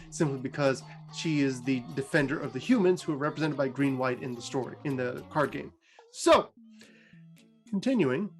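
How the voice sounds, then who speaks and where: A man casually retelling fantasy game lore in a chatty way, full of fillers and sudden pitch jumps. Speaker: lore storyteller.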